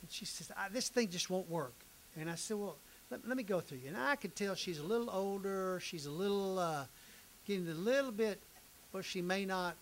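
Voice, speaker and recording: A man's voice: high voice, lively intonation, moderate pace, a little hiss or hum, rough recording. Older man teaching Bible class. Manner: folksy and conversational, repeats phrases for emphasis, jokes with the class. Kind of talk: Bible class teaching, reading and explaining scripture.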